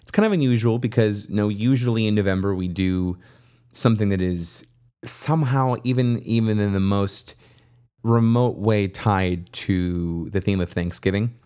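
Speaking at normal speed in a lowish, mellow, clean-toned voice, a man co-hosts a history podcast. He keeps things casual and jokey, rambling and often starting his sentences over.

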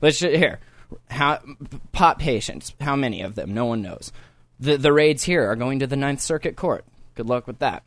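Male podcast host, loose rambling chat with laughs and swearing, mid-pitched, dry close mic. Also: lively intonation, normal speed, dry recording. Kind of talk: casual chat. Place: home studio.

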